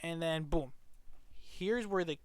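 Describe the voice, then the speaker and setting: A man with a slightly high voice speaks slowly, with no echo at all. He's a vlogger telling the camera a personal story, rambling casually, restarting often and swearing along the way.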